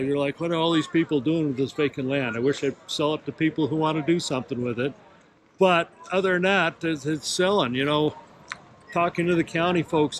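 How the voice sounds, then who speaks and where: Brief: man with a slightly high voice, chatty and folksy, interviewed outdoors. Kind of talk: casual interview.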